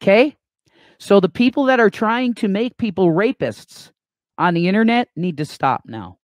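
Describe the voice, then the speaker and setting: A man's voice: high voice, animated, normal speed, no echo, studio quality. A man co-hosting a live call-in stream, talking emphatically and punctuating points with repeated "okay?". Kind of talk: heated live stream talk.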